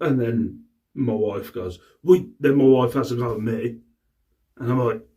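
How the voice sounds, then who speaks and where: Exasperated bloke, mic set back. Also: male voice, mid-range voice, measured pace, a little mellow, far from the mic. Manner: rambling, exasperated, swears freely. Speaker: reseller vlogger. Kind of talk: casual vlog chat.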